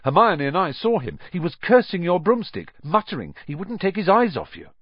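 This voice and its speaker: A man voicing an excitable young schoolboy who speaks emphatically, in a storybook reading with a dull, dry sound. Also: high voice, moderate pace, slightly rough, dry recording, pitched above the performer's own voice, exaggerated voice. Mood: emphatic.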